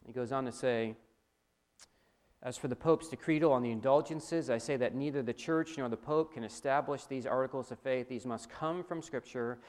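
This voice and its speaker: A man preaching a sermon, talking straight to his audience with animated emphasis. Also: mid-range voice, moderate pace. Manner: animated, rising emphasis, addresses audience directly. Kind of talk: sermon lecture.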